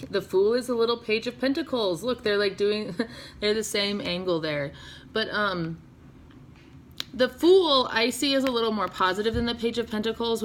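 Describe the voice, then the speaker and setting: A woman's voice: medium pitch, a bit bright, slight background noise. A woman doing a casual, chatty tarot reading, laughing often and swearing casually. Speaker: tarot reader.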